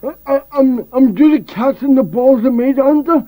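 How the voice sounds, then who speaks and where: A man putting on a dim, clumsy male politician with a squeaky, stammering voice. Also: normal speed, dark tone, soft background music. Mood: timid. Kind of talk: comic sketch impression.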